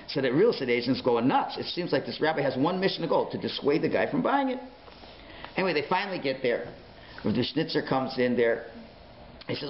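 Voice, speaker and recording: A man, a rabbi, giving a Torah class as a lively storyteller who acts out the dialogue in his stories. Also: fairly quick, a little hiss or hum. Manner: storytelling, acts out dialogue with big pitch swings. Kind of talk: animated Torah lecture. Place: synagogue learning centre classroom. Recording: roomy, slightly dull lecture recording.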